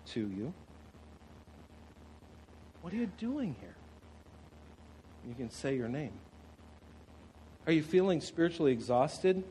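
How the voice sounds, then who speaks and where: A man preaching with a high, lively voice that rises and dips a lot. His tone is a little husky, and he leans on rhetorical questions and dramatic pauses as he delivers the sermon. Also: rough recording. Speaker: pastor.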